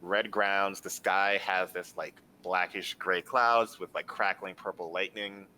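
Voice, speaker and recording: Casual, low-voiced game master man. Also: steady tone, measured pace, bright, forceful tone, a little hiss or hum. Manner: casual, loose descriptions with fillers. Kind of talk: narrating a tabletop game.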